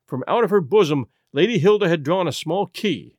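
Man with expressive storybook narration. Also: high-pitched, moderate pace, no echo, studio quality. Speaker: audiobook narrator. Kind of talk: scripted narration.

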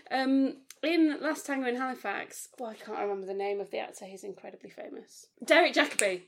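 A woman's voice: a little high, a little fast, vocal fry. Candid, self-mocking woman chatting. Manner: self-deprecating, confessional. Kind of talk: casual chat.

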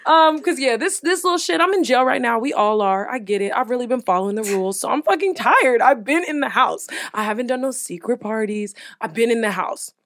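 A woman's voice: a little high, expressive, a little fast, hardly any pauses, a bit bright, no echo, clean studio sound. A woman co-hosting a casual chat, brash and profane, laughing often. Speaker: podcast co-host.

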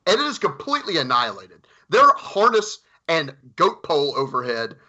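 A man's voice: a little high, huge pitch swings, moderate pace, bright, forceful tone. A man co-hosting a podcast, joking in a sarcastic, profane way in casual banter. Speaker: podcast co-host. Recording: dull lo-fi mic.

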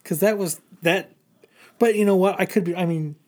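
A man's voice: sits high, normal speed, a little mellow. A man casually retelling a comic book plot, rambling with lots of fillers. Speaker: podcast co-host.

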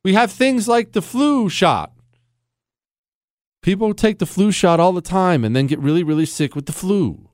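Ranting talk radio host, lively pitch. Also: male voice, normal speed, dry recording, clean studio sound. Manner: sarcastic, ranting, lively delivery with mocking asides. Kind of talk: opinionated talk radio monologue.

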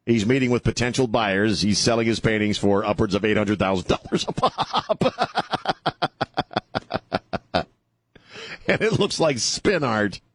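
A man's voice: lowish voice, expressive, a little slow, pauses often, breathy edge. A man hosting a talk radio show, taking callers and giving sarcastic, mocking commentary in a chatty way.

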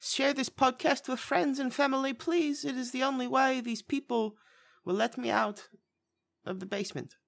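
A man voicing a high-pitched Bulgarian man with a lisp who speaks in stiff, halting English. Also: steady tone, creaky, a bit bright, exaggerated voice. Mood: cheeky. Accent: put-on Bulgarian. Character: squeaky-voiced Bulgarian man with a lisp, kept in a basement.

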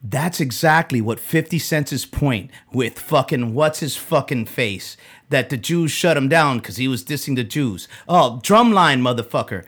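A man co-hosting a comedy podcast, talking in a profane, excitable way and laughing often. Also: medium pitch, a little slow. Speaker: podcast co-host. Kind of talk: loose comedic podcast banter.

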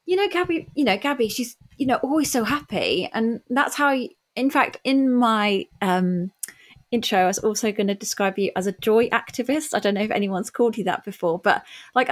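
Reflective woman hosting a podcast. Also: medium pitch. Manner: reflective, thinks aloud with hedges. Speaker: podcast host. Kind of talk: casual interview chat.

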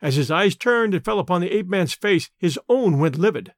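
A man narrating an adventure novel in a steady, measured way. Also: sits high, no room sound, studio quality. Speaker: audiobook reader. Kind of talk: scripted narration.

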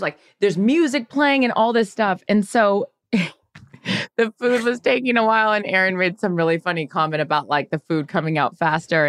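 A woman's voice: medium pitch, dry recording. Chatty woman podcast co-host, dry sound. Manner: animated storyteller, laughs often, acts out quotes. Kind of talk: casual chat.

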